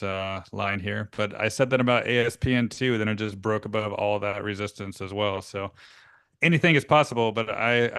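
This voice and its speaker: A man on a video call explaining a stock chart in a relaxed, casual way, often checking in with "right?" and laughing easily. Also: fairly low pitch, clean tone, no echo, clean studio sound.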